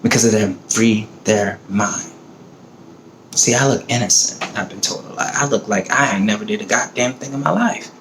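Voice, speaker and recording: A man's voice: on the low side, normal speed, fairly bright tone. A middle-aged man from the American South talking in a blunt, profane, fired-up casual monologue. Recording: roomy echo, faint background noise.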